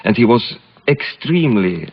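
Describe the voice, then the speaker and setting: Swedish accented guy telling a story in english, lowish voice, kinda stop-start, dull old lo-fi recording. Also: sing-song, husky. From Sweden. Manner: halting, searching for English words. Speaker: film director guest. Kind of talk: reflective interview storytelling.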